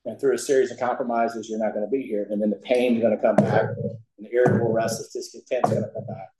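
An older man speaks to a recovery meeting, folksy and emphatic as he tells his story. His voice sits fairly low. The room around him is echoey, like a hall. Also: steady tone, fast talker, heavy background noise.

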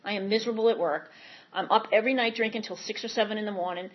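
Husky woman telling a frank recovery story. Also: medium pitch, fairly even intonation, fast talker. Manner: frank, rambling, self-correcting. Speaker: speaker sharing at a recovery meeting. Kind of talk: candid personal recovery story. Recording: dull lo-fi recording.

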